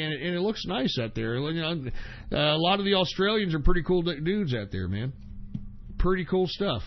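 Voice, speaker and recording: This is a man with a slightly high voice running a laid-back talk radio show, where he responds to listeners' questions with profane rants and abrupt shouting. The audio quality is dull.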